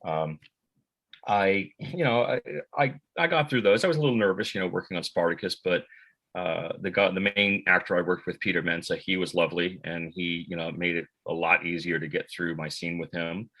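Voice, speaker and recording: Low-voiced American man, rambling easily. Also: brisk, low-quality recording. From United States. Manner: relaxed and rambling, many fillers and restarts, laughs easily. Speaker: actor and voice actor, interview guest. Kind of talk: casual interview answers.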